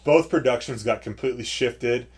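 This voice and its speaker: A man co-hosting a podcast, reviewing a movie in casual chat, animated and profane, laughing often. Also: mid-range voice, moderate pace, slightly rough. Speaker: podcast co-host.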